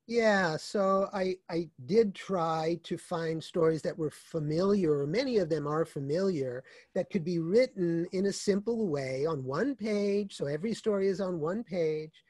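A man being interviewed as an author, speaking in a measured, explanatory way that often restarts phrases. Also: high voice, darkish tone, no room sound. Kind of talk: conversational interview.

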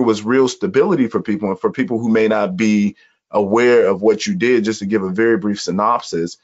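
A man from Chicago, a podcast guest, telling his life story in an earnest, measured way during an interview. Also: lowish voice. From Chicago, USA. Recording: dull lo-fi audio.

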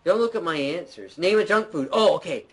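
A man's voice: high-pitched, animated, fairly quick, a bit bright, slightly rough, rough recording. A young man hosting a casual gameplay chat, goofy and joking. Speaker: channel host.

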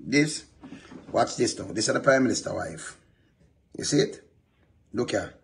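A man with a somewhat low voice, talking in a loose, rambling way. He keeps checking in with his listener with quick questions as he goes. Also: animated, gravelly, a little hiss or hum. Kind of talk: casual commentary over a news article.

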